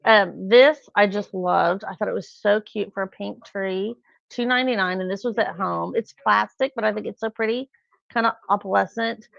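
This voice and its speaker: A middle-aged woman chats on a live stream, rambling from one anecdote to the next. Her voice carries a gravelly fry. The sound is dry and a little dull, with no room around it. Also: mid-range voice, moderate pace, no echo. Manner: chatty, rambling, acts out quotes with laughs. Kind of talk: casual live-stream chat.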